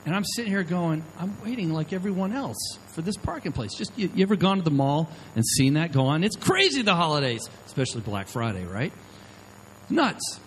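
A man's voice: a little high, big pitch swings, brisk, slight background noise, rough recording. A middle-aged man preaching as a pastor, telling stories in a conversational way and often checking in with "okay?". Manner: conversational storytelling, frequent "okay?" check-ins. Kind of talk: sermon.

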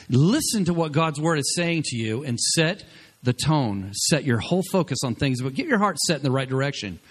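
A male pastor preaching a sermon, exhorting the congregation with energy and swinging between loud bursts and quiet asides. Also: medium pitch, lively intonation, moderate pace, husky.

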